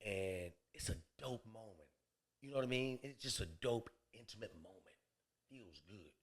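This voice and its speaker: A man guest on a podcast telling a comedic story, slangy and profane, dropping to low murmurs and then bursting out loud. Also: normal speed. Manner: animated, swings between low murmurs and loud outbursts.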